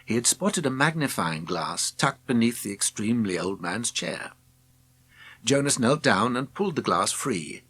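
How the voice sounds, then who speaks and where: A man narrating a children's storybook with expressive, gentle storytelling. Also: medium pitch, moderate pace, slightly rough, no echo. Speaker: audiobook narrator.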